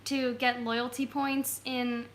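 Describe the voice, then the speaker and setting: A woman's voice: fairly high pitch, level tone, slow, a little hiss or hum. A woman hosting a casual travel live stream from home on a phone, bubbly and giggly. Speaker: travel vlog host.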